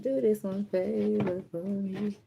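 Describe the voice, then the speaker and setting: A woman giving a casual tarot reading, joking and swearing freely and singing along softly between cards. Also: mid-range voice, steady tone, slow pace, creaky, dull audio, noisy background. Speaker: tarot reader.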